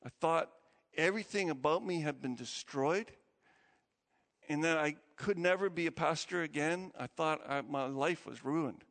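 Pastor, male, higher register, emotive sermon storytelling, long church-hall reverb. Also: normal speed. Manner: emotional storytelling, voice rising high and dropping low to a hush.

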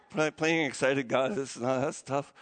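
A man preaching a sermon, telling the story with animated, excitable energy and frequent restarts. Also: mid-range voice, unhurried, poor audio. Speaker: pastor.

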